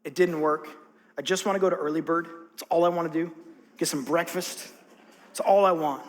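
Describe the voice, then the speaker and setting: A man voicing a tired, grumbling adult fisherman in a sermon, in a low, flat voice. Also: a little fast, long reverb tail, close to an everyday voice.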